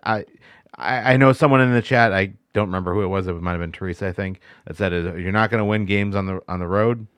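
A man's voice: low voice, fast, a bit bright, clean tone, no room sound, studio quality. A man on a casual sports podcast giving blunt, matter-of-fact hockey opinions. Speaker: podcast co-host and hockey analyst.

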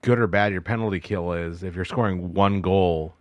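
Male co-host, deep-ish voice, dry sound, straight-talking analyst. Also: fairly even intonation, moderate pace, no echo, muffled recording. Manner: blunt, matter-of-fact. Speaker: podcast co-host and hockey analyst. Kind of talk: casual sports podcast chat.

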